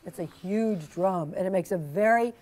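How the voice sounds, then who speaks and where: A woman storyteller reading her picture book aloud to a classroom of children, expressive and coaxing them to join in. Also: medium pitch, normal speed. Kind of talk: interactive read-aloud for children.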